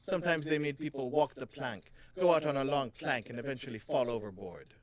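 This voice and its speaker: A man's voice: medium pitch, brisk, crowd noise, lightly acted. A man voicing a chatty female coin shop owner in a video game, with a shaky put-on foreign accent.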